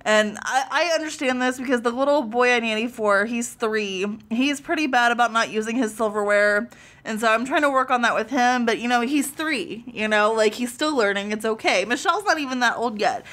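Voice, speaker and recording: A woman's voice: fairly high pitch, brisk, a bit bright. A woman co-hosting a podcast in casual chat, recapping an episode and laughing often. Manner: giggly, recapping plainly. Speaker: podcast co-host.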